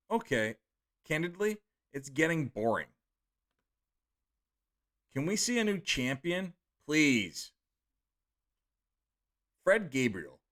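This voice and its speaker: A man in his thirties reads viewer comments on a live stream and trips over names. His voice is bright and forward, and his pitch swings widely. He takes his time between lines. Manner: reads out chat names and comments, stumbles over names, laughs at his own retakes.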